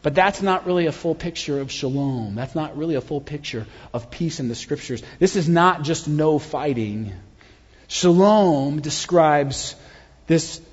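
A man preaching a sermon, telling the story with dramatic build-ups and sudden quiet drops. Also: on the high side, breathy edge. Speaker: pastor. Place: church sanctuary. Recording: dull sound with long reverb of a large hall.

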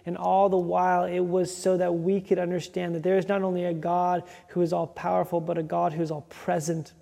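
Gravelly, flat-toned preacher in a hall. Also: mid-range voice. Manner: emphatic with rhythmic repetition. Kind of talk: sermon.

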